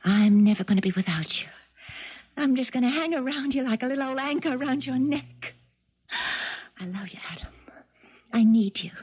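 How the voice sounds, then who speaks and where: Clingy baby-doll wife, tinkly and phony, husky breathy high voice, dull old radio sound. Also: female voice, fairly quick. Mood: cooing, clingy. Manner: breathy, cooing, drifting into whispers. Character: flighty young wife, clingy and possessive. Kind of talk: 1970s radio drama acting. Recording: dull 1970s radio broadcast.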